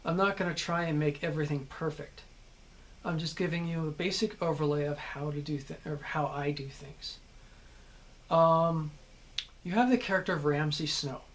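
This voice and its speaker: A man's voice: a little high, normal speed. A middle-aged American man, an actor, explaining character and accent work in a casual, conversational way, often checking in with "okay?". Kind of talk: casual acting lesson to camera.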